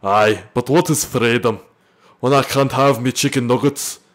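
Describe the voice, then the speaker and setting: A man's voice: medium pitch, moderate pace, close to an everyday voice. A man putting on a bad, hammy Scottish accent as a blustering Scotsman. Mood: bombastic. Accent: put-on Scottish.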